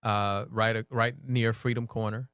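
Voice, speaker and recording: A man serving as mayor, talking relaxed in an interview and often checking in with "right?". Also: fairly low pitch, normal speed, smooth, no echo, studio quality. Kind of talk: conversational interview.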